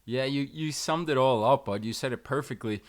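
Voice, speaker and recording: A man hosting a sports talk show, recapping fights in a steady, agreeable, fluent way. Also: mid-range voice, normal speed. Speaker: show host.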